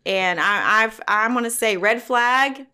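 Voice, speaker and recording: A woman's voice: fairly high pitch, measured pace, bright, forceful tone, smooth. A woman co-hosting a casual talk show, giving blunt, profane opinions over drinks. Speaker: podcast co-host. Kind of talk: casual chat while drinking.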